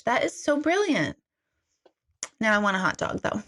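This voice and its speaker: A woman's voice: a little high, very animated, normal speed, pushed and bright. A middle-aged woman hosting a casual livestream from home, rambling and self-mocking as she talks straight to her viewers. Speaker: host of an intuitive reading livestream.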